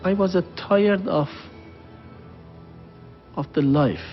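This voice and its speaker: A middle-aged man speaking in a documentary interview, halting and hesitant, with broken non-native grammar. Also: high-pitched, soft background music. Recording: dull lo-fi documentary audio.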